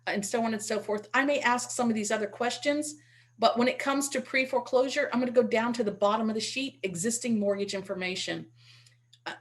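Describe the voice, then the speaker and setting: A woman's voice: mid-range voice, fairly quick. A woman teaching real estate investing in an online webinar, speaking through a computer mic in a chatty way and repeating words as she restarts. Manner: demonstrates with call scripts.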